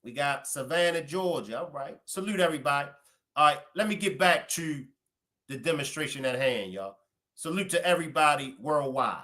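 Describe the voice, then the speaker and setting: A man with a Baltimore accent, hosting a live stream and giving casual shout-outs to viewers. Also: fairly high pitch, expressive, normal speed. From Baltimore, USA. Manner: chatty, greeting viewers by place.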